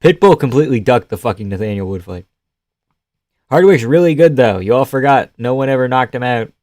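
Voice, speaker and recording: A man's voice: medium pitch, lively intonation, a little fast, a little mellow, no room sound, studio quality. A young man hosting a casual live stream, laughing often and swearing easily as he reacts to the chat.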